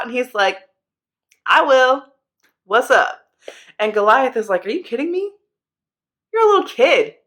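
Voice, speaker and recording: Woman, young adult, children's bible teacher, casual and lively storytelling. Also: medium pitch. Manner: animated, playful, acts out characters' lines.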